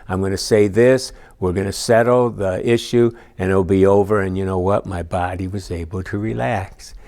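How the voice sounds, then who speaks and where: A man's voice: on the low side, a little mellow. A man giving a conversational church lesson, telling personal stories with frequent asides. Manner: storytelling with personal anecdotes, many asides. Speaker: church teacher. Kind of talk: conversational teaching talk.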